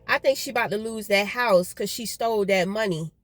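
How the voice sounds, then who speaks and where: A woman's voice: medium pitch, fairly quick, no echo, soft background music. Frustrated woman venting, dry close sound. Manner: frustrated, profane, rambling. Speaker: vlogger. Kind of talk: casual venting vlog. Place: outdoors.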